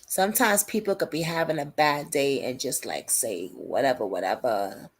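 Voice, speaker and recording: A woman with a rumbling low, slightly breathy voice hosts a casual livestream about a criminal case, speaking at a moderate pace. Talkative and slangy, she reads viewer comments aloud and answers them as she goes.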